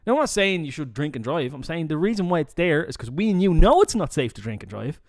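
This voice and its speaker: A man with a Dublin Irish accent, co-hosting a podcast in casual chat, emphatic and animated, often tagging "right?". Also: fairly high pitch, fast talker. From Ireland. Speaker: podcast co-host. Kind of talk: casual chat, telling jokes.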